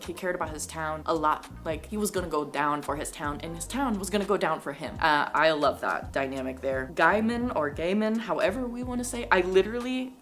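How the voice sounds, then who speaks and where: A woman in a casual vlog chat reacting to a manga, gushing and rambling with lots of "like". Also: sits low.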